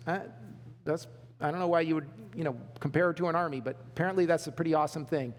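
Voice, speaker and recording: Preaching to his congregation in a church hall, a male pastor speaks in a high-pitched, brisk voice. He is emphatic, repeats key phrases, and laughs along with the crowd, all wrapped in a long hall reverb.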